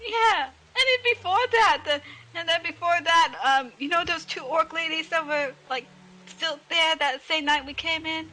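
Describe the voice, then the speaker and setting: Woman player in character, high bright voice, exasperated, rambling. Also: moderate pace, low-quality recording. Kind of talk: in-character tabletop role-play.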